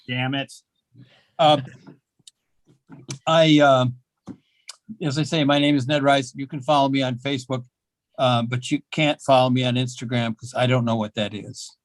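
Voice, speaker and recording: An older man doing a self-mocking stand-up set at an open mic, with deadpan delivery and halting fillers. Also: mid-range voice, no room sound. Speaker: stand-up comedian. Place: small comedy club.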